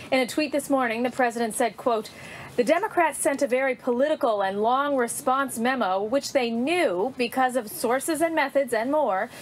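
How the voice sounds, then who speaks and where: Woman reporter, high voice, steady scripted delivery, faint background noise. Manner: steady, even delivery of quoted statements. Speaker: news correspondent.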